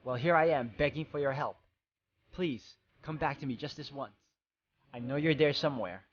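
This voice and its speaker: A man voicing a gentle, persecuted young man in a video game, reading formally and slowly. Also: medium pitch, lightly acted. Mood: desperate. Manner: slow, solemn, formal reading. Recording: slightly dull, muffled sound.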